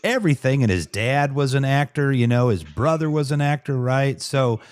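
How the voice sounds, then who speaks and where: A man's voice: medium pitch, expressive, normal speed, clear, resonant tone, no echo, clean studio sound. A man with a Midwestern American accent, hosting a casual interview chat, loose and chatty and swearing offhand. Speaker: talk show host.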